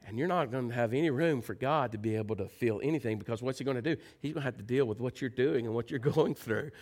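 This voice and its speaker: A man preaching a sermon, telling homey stories and slipping into soft, low, prayerful tones. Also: fast talker. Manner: folksy storytelling, swings loud and high into playful mimicry. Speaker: pastor.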